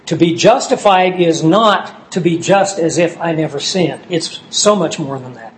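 High-voiced man preaching a sermon. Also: slight background noise, rough recording. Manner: slow and emphatic on key words, citing scripture verses.

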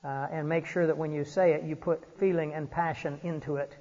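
A man preaching an earnest, exhorting sermon from a church pulpit, often pausing on "uh". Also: a little high, little pitch movement, dark tone. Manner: earnest, exhorting, frequent "uh" fillers. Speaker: pastor. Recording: dull recording in a reverberant church hall.

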